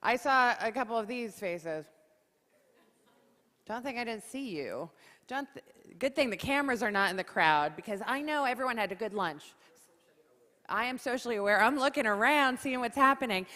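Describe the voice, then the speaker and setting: A woman's voice: a little high, a little fast. A woman from New York hosting a conference on stage, joking and rallying the audience. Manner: lively, joking, rallies the audience. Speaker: conference emcee. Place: large conference hall. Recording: reverberant hall.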